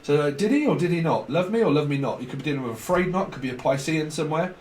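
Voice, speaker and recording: A man's voice: fairly high pitch, fast, a little mellow. A man giving a rambling tarot reading. He chats casually, swears now and then, and acts out little snippets of dialogue. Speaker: tarot reader. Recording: echoey room with faint background noise.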